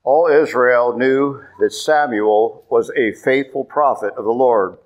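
A man's voice: takes it slowly, rough recording. Man preaching a conversational sermon. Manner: conversational, with sudden emphatic high-pitched stresses. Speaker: priest.

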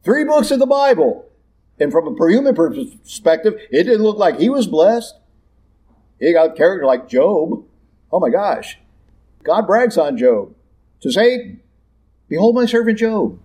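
A man preaching a sermon in a blunt, emphatic, lively way. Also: sits high, measured pace, long pauses.

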